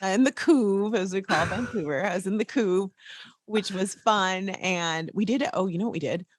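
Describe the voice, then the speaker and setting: A woman's voice: medium pitch, moderate pace, no echo. Woman host rambling n giggling, says y'all, mid voice, dry close sound. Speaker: podcast host. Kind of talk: casual chat.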